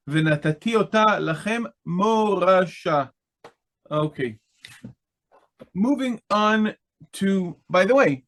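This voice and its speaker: Man, slightly high voice, patient teacher, online class, frequent "okay?" check-ins. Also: fairly bright tone. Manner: explains patiently, many fillers and "okay?" checks. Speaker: Hebrew Bible teacher.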